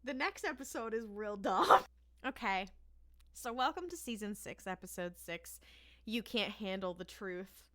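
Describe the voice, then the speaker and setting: A woman's voice: medium pitch, measured pace. A woman co-hosting a podcast, casually recapping a TV episode with frequent laughter and free swearing. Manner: laughs often, swears freely, animated retelling. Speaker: podcast co-host.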